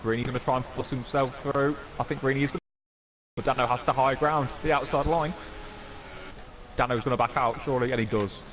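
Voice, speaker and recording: A man's voice: mid-range voice, fairly even intonation, a little fast. A man commentating an online racing game, enthusiastic and playful as he talks up the drivers. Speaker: lead commentator. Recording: clear background noise.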